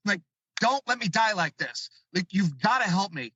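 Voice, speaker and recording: A man from Chicago tells his story as a call-in guest, energetic and vivid, his voice pushing high when the tension builds. His tone is bright and forceful, a little higher than most men's. The call sounds dull and dry. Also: brisk, slightly rough, no room sound. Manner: excited, vivid storytelling, voice rising high with fear. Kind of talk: telling a personal story.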